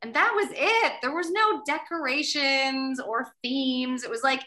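A woman from Canada, a guest in a casual interview, telling stories in an animated way and laughing often. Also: sits high, unhurried, hardly any pauses, rough recording. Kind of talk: casual chat.

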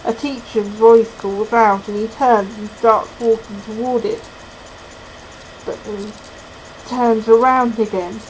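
A woman reading a novel aloud, telling the story in a soft, unhurried first-person voice. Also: a little high, steady tone, a little hiss or hum, rough recording. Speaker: reader.

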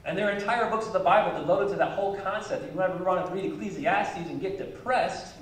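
Male pastor preaching, chill chatty tone, kinda high voice, lots of church echo, mic far off. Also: fast, a little hiss or hum. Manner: conversational, light chuckles between points. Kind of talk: sermon. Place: church sanctuary.

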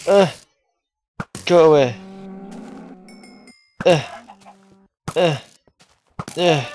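A man's voice: mid-range voice, normal speed, pauses often, slight background noise, low-quality recording. A man giving casual commentary while playing a game, talking to his viewers and breaking into frustrated outbursts at the enemies. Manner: talks to the viewers. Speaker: gaming video host.

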